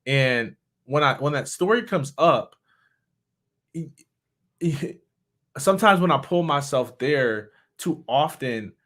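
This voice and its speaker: A man who is a motivational speaker, talking candidly in a reflective, halting way, often restarting his sentences. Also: fairly high pitch, animated. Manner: candid, halting, with many restarts and soft laughs. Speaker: motivational speaker and suicide survivor. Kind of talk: personal reflective talk.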